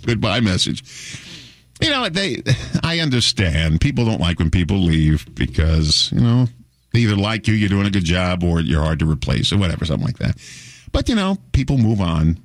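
A man's voice: lowish voice, big pitch swings, normal speed, no echo, studio quality. A middle-aged man hosting a radio show, talking in a chatty, wry way and chuckling often. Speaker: radio host. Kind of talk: casual radio talk.

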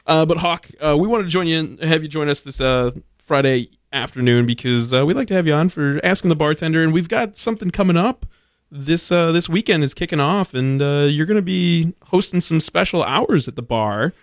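A man hosting a casual radio chat, chatty and quick to laugh, with many fillers. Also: on the high side, animated, no echo, clean studio sound. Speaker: radio host.

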